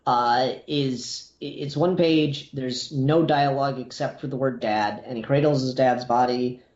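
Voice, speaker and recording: A podcast guest talking through a comic scene in a measured, hedging way, thinking aloud. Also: mid-range voice, fairly even intonation, darkish tone. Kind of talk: casual comic book review chat. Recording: dull echoey lo-fi audio.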